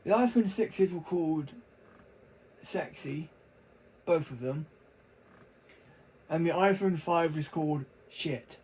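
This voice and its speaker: A man's voice: fairly high pitch, slow, pauses often, a little mellow, husky, poor audio. A young man talking casually to camera, rambling and chatty with frequent restarts. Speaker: vlogger.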